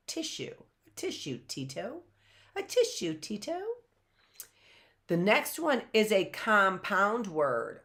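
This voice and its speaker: A middle-aged woman leads a live phonics lesson at an unhurried, deliberate pace. Her voice sits a little low, and she repeats each word patiently for young children. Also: a bit bright. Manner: patient, repeats words slowly for young learners. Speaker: teacher.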